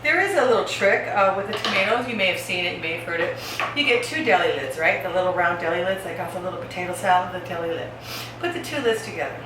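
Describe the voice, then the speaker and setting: Chopping vegetables in her home kitchen, a woman hosts a casual cooking demo and chats away to viewers. Her voice is on the low side and expressive, and she talks fast. The recording is noisy and very echoey, with her far from the mic and dishes clattering.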